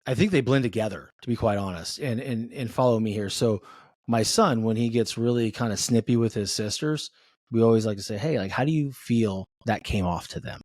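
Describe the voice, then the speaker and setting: A man's voice: mid-range voice, a little fast, darkish tone, no echo, studio quality. A man speaking as a podcast guest and father of three, telling earnest stories in a casual conversation and acting out family dialogue.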